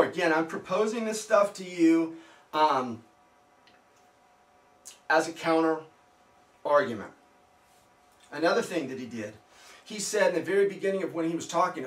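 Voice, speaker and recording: A man's voice: a little high, expressive, normal speed, fairly bright tone. A man giving casual skeptical commentary to his viewers, firing off rhetorical questions and mocking asides. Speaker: video blogger. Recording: roomy, distant from the mic.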